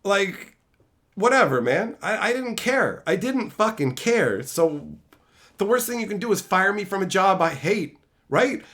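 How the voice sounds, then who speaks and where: A man's voice: high-pitched, unhurried. A man telling brash, profane stories in a casual stream chat. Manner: profane, brash, animated storytelling.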